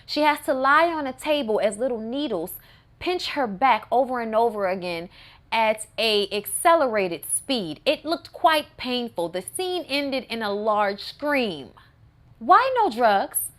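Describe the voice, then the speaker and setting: Woman reviewer, sassy and wry, lively pitch that swings up and down, casual recap. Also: unhurried. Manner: sassy, wry, animated asides. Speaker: movie reviewer.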